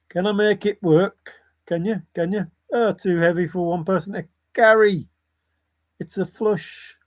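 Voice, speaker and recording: A man's voice: sits high, fairly even intonation, slow pace, long pauses. A man vlogging about a treasure hunt, rambling and giggling as he comments, repeating words and muttering to himself. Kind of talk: rambling commentary over video.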